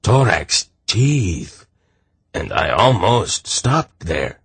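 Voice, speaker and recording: A shrewd, easygoing merchant rambling on in a casual, offhand manner, as a man puts him on. The voice is very deep and husky, delivered slowly and close on a dry mic. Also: sing-song, fairly bright tone, no echo, full character voice. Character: rangy, easygoing male merchant, shrewd and talkative.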